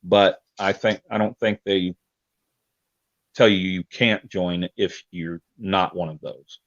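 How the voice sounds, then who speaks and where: A man's voice: sits low, fairly even intonation, slow pace. A man with an Indiana accent, a guest on a video call, talking in a hesitant way with many ums and restarts. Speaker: guest, militia member. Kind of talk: casual interview over a video call. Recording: dull lo-fi call audio.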